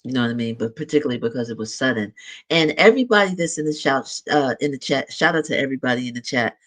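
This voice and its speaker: A man hosting a talk show, measured and reflective, with slow pauses and ums. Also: mid-range voice, expressive, a bit bright. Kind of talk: livestream talk show conversation.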